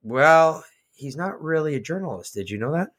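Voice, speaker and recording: A man co-hosting a podcast, ranting heatedly with lots of swearing and swinging between loud outbursts and slow emphasis. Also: fairly high pitch, lively intonation. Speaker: podcast co-host. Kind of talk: casual political chat.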